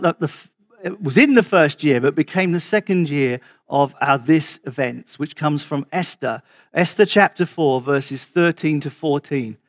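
A man preaching to his church over a video call, repeating and restarting words and slowing down to stress key questions. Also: on the high side. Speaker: pastor.

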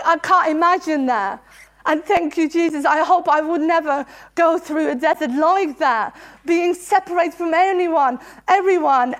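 Very high-voiced woman preaching earnestly. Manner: earnest and emotional, laughing between phrases. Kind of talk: sermon.

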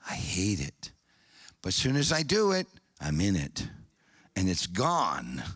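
Animated male preacher, dry sound. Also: medium pitch, no room sound. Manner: animated, swings from loud excited storytelling to hushed solemn passages. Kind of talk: sermon with storytelling.

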